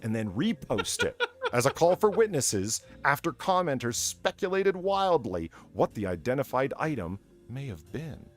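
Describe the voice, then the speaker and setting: A man's voice: medium pitch, big pitch swings, moderate pace. A man co-hosting a comedy podcast, reading odd local news in a mock-formal way, stumbling over words and laughing. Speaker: podcast co-host.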